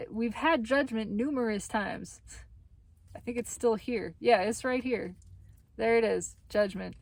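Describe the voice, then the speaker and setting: A woman giving a casual spiritual tarot reading. She is animated, laughs often and swears casually. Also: medium pitch, no room sound. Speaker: tarot reader.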